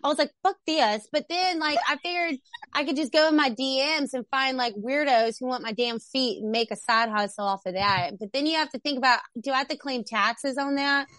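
A high-pitched woman from Florida with a Southern accent, chatting bluntly on a podcast and swearing freely. Her laughter comes easily. The recording is close and dry, with no room echo. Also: a little fast, a bit bright. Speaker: podcast co-host. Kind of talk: casual chat.

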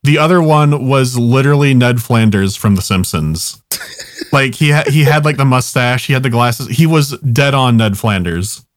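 A young man in casual chat, spinning a rambling anecdote full of fillers and swearing. His voice sits at an ordinary middle pitch. It is recorded close and dry, with no room sound. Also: normal speed, no echo. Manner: rambling, swears often, laughs at his own stories.

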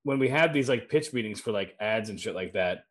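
A man's voice: fairly low pitch, animated, a little fast. A man co-hosting a casual podcast chat, laid-back with dry wisecracks and casual swearing. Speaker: podcast co-host.

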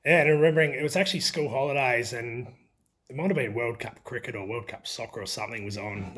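A middle-aged Australian man spins old football yarns in a loose, chatty interview. He keeps breaking into laughter as the stories unfold, his voice sitting at an everyday middle pitch. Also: a bit bright. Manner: laughs often while telling stories. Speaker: former country footballer. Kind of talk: casual storytelling interview.

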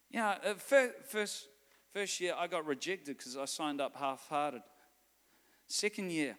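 A man's voice: high voice, measured pace, fairly bright tone. A New man in his forties preaching a sermon, telling a story and building to fervent calls. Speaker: pastor. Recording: long hall reverb.

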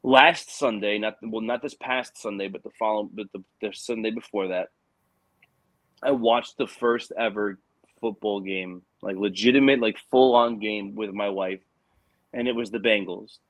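A man's voice: fairly low pitch, moderate pace, no room sound. Chatty man telling stories, lots of fillers. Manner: animated storyteller, many fillers like "like" and "you know". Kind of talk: casual chat.

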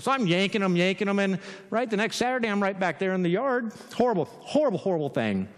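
A man delivers a sermon with a high, lively voice that swings up and down. He talks like he's chatting with his congregation, and a long reverb trails his words through the room. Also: fast talker. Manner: conversational, animated, asks "right?" often, with laughs. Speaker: pastor.

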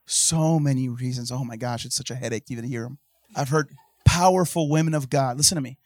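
A man preaching a sermon in church, swinging from hushed talk to impassioned shouting and calling out to the congregation. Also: a little high, dry recording. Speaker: pastor.

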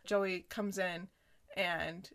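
A woman co-hosting a podcast, casually recapping a sitcom episode in an animated way, with lots of "like" and laughter. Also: on the low side, drawn-out words. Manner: animated retelling, full of "like" and laughter. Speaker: podcast co-host.

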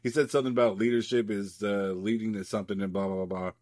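Dude rambling through a comic recap on a podcast, swears a lot, lots of ums, dead dry mic. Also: male voice, on the low side, fairly even intonation, quick pace, darkish tone, no room sound. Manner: rambling, loose, swears casually, frequent fillers. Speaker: podcast co-host. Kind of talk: casual comic book recap.

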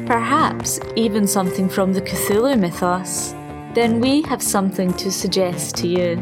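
A woman reads a promo in a smooth, theatrical announcer manner. Her voice sits in a middle pitch. Music plays clearly behind her. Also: a little slow, poor audio. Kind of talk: scripted podcast promo read.

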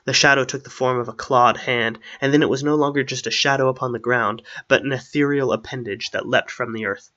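A man narrating a fantasy story aloud in a steady storytelling manner. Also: medium pitch, a little fast, few pauses, lo-fi sound.

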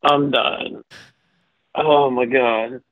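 A man's voice: mid-range voice, fairly even intonation, very slow, no room sound, narrow, tinny audio. A man calling in to a show, rambling, swearing and laughing nonstop as he talks. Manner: laughing constantly, profane and rambling. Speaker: caller. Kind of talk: casual phone call-in chat. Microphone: phone.

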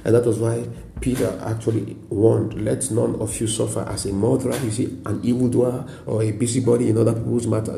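A man's voice: mid-range voice, level tone, brisk, creaky, mellow, echoey room, soft background music. A Nigerian man preaching a sermon as a pastor, emphatic, repeating lines and adding frequent "praise God". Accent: Nigerian English.

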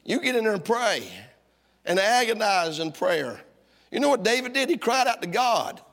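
High bright-voiced preacher in a reverberant church. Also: male voice, animated, moderate pace, vocal fry. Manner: preaching with wide swings from loud to hushed. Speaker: pastor. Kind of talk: sermon. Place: church sanctuary.

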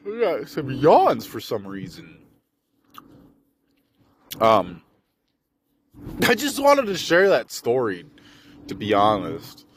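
A man's voice: medium pitch, huge pitch swings, takes it slowly, pauses often. A young man from Michigan telling a story on his casual solo podcast, rambling, profane and mocking, partly while driving. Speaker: podcast host. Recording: noisy background ambience.

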